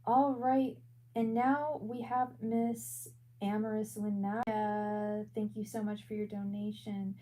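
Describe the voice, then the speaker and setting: A woman working as a tarot reader and psychic medium on a live stream. She talks in a soft, halting way and repeats her words often. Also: mid-range voice, flat delivery, rough recording. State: emotional.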